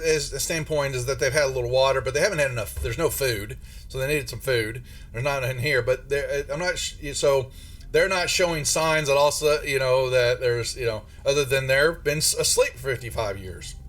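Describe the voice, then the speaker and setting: A man running a tabletop horror game as game master, narrating in a rambling, halting way full of restarts and fillers. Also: medium pitch, expressive, a bit bright.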